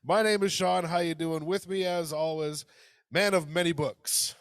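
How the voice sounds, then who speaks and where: A man's voice: on the high side, steady tone, moderate pace, clean tone, no echo, clean studio sound. Laughing man hosting a podcast. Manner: laughing, loose and profane. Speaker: podcast host. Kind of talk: casual comedic podcast chat.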